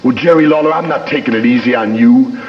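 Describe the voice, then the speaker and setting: Cocky wrestler guy taunting rivals, gravelly voice swinging all over, echoey muffled old tv. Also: mid-range voice, quick pace. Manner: boastful, taunting, mocking. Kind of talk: wrestling promo. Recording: echoey, dull 1980s TV tape with music.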